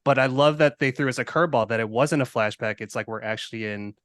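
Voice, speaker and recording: Fast-talking excited man on a podcast. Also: mid-range voice, no room sound, studio quality. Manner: excited, quick, does voices. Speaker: podcast guest. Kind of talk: casual chat.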